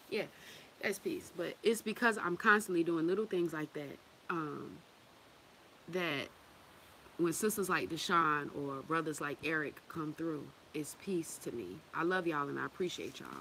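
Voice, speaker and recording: A woman hosting a casual livestream, thanking viewers and telling a story in an animated, profane, slangy way, often laughing. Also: sits low, creaky, a little hiss or hum, rough recording. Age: adult with children. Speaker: livestream host reading viewer comments.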